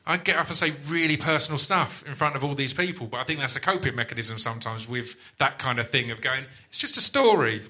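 A man's voice: medium pitch, fairly even intonation, quick pace, hardly any pauses, pushed and bright. A man hosting a podcast chat, thoughtful and rambling, with frequent restarts. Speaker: podcast host. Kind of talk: casual chat.

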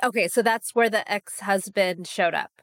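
A woman's voice: medium pitch, a bit bright, no echo. Curious woman co-host, dry sound. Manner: curious, asks quick questions. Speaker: podcast co-host. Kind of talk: casual gossip chat.

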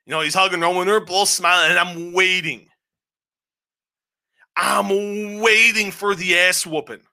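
A man with a very bright, ringing voice pitched a little high, chatting casually on a podcast. He rambles through a review with lots of animation and cursing. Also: a little slow, vocal fry. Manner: rambling, animated recaps with frequent swearing. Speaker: podcast co-host. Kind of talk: casual show review chat.

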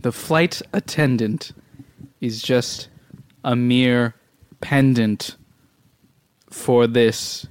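A man's voice: mid-range voice, extremely slow, long pauses, a little hiss or hum. A man playing a pretentious male airline passenger who fancies himself a poet, in an improvised comedy sketch. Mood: haughty. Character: smug male passenger writing rhymes.

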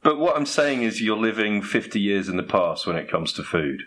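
A man's voice: lowish voice, big pitch swings, moderate pace, fairly bright tone. A man playing straight man in a comedy chat, dry and sceptical, asking pointed questions.

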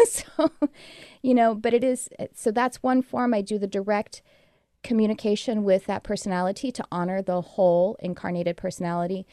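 Speaking at normal speed in a dark, mid-range voice, an animal communicator appears as a guest in a casual interview, earnestly rambling through stories of her work. The clean studio sound carries no echo.

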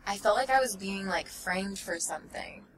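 A woman's voice: medium pitch, normal speed, distant mic, a crowd in the background. A young woman telling a personal story in casual conversation, rambling with many fillers and acting out what people said. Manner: rambling, full of fillers, laughs often, acts out quotes. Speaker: guest.

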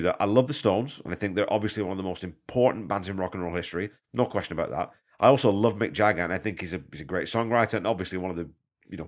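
A deep-voiced man hosts a music podcast and talks through an album track by track. His delivery is chatty and enthusiastic, and he wanders off into conversational asides. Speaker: podcast host. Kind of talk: casual music commentary.

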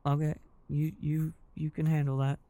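A man's voice: a little high, flat delivery, moderate pace, warm tone, no room sound. A man playing in a tabletop game podcast, joking and casual. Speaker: player.

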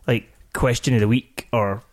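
Male co-host, casual parenting podcast chat, halting speech full of restarts. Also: mid-range voice, steady tone.

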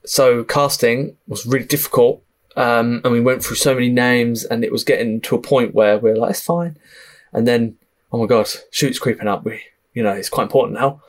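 A man's voice: medium pitch, fairly even intonation, brisk. Chatty Essex man telling stories. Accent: Essex English. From Essex, England. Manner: chatty storyteller, swears, laughs often. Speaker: film director guest. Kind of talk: casual podcast interview.

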